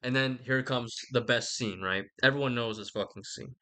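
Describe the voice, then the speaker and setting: A man's voice: mid-range voice, moderate pace, sharp tone. Rambling casual man mid-ramble. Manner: meandering, self-correcting, slangy and irreverent. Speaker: video essayist.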